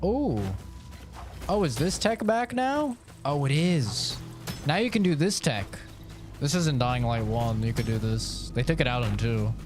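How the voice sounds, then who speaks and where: A man's voice: medium pitch, animated, measured pace, over music. A man streaming a video game, giving live commentary full of profane jokes and banter aimed at the characters on screen. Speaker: gaming streamer.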